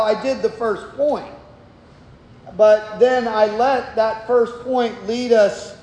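A man preaching a sermon as pastor of a church, reading scripture and explaining it in a measured, unhurried way with frequent restarts. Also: high voice, a little mellow. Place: church sanctuary. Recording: echoey hall, long reverb.

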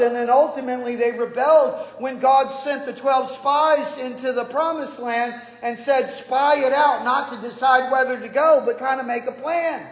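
A man preaching a sermon as pastor in a church, with folksy joking asides to the congregation. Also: extremely high pitch. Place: church sanctuary. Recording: echoey hall.

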